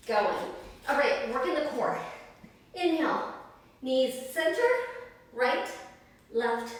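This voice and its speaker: A young woman leads a live yoga workout, chatty and upbeat as she counts down reps. Her voice sits high and she sounds a bit out of breath. The sound bounces around a very echoey room, picked up from well away from the mic. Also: distant mic. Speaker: yoga instructor. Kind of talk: live-streamed yoga class instruction.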